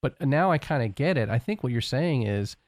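Male studio host, mid-pitched voice, reflective, animated, dry close sound. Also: fairly quick, dry recording. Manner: animated, reflective, checks understanding. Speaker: radio show host. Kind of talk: interview conversation. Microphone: studio microphone.

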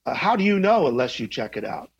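As an interview guest, a man in his fifties who teaches journalism answers in a thoughtful, rambling, conversational way, restarting sentences and chuckling now and then. His husky, gravelly voice is medium-pitched, sing-song and fast. The audio is dull and lo-fi.

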